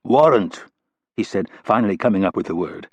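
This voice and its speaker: A man narrating a thriller audiobook in a steady, even storytelling manner. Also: deep voice, fast talker, no echo. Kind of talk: scripted narration.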